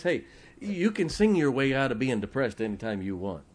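A man preaching a folksy Baptist sermon, breaking into slow sung hymns and telling humorous stories. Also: mid-range voice, very animated. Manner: breaks into hymns and scripture, sung slowly and loudly; storytelling with humor.

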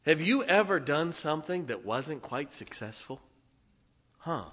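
A male preacher with a drawl delivers his sermon in a forceful, bright-edged voice pitched a little above the usual. He talks folksy and emphatic, tossing jokes between his points. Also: very animated, measured pace.

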